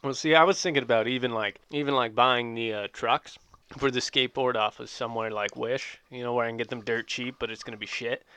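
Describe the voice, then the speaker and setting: A young man chatting casually, telling rambling, profane stories and getting loud when amused. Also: mid-range voice, fairly even intonation, a little fast, clean tone, no room sound. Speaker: podcast host. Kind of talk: casual chat.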